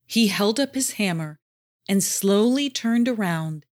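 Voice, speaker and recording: A woman reads a children's story aloud in an expressive storytelling voice. She goes slowly and lets her pitch rise and fall widely. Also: background noise. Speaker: narrator.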